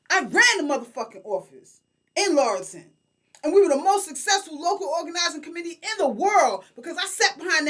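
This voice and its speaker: Indignant high-voiced woman around sixty. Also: a bit bright. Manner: indignant, profane and emotional, addressing people directly. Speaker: community leader. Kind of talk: direct-to-camera vlog rant.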